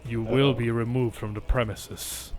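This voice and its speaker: Guy doing a cold robot golem guard, flat menacing announcer voice, mid pitch. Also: unhurried, close to an everyday voice. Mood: commanding.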